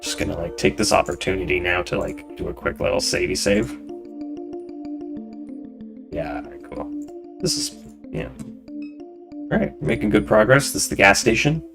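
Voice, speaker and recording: A man casually playing and narrating a video game, reading its text aloud in a relaxed, mumbly way. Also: deep voice, normal speed, gravelly, pauses often. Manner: laid-back, mumbly, reads text aloud. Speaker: gameplay narrator. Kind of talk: casual let's-play narration. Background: game music.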